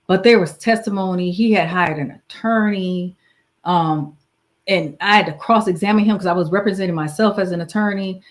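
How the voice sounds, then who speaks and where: A woman's voice: lowish voice, moderate pace. A woman casually telling a personal story, earnest and candid, often trailing off and restarting. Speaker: guest sharing her story.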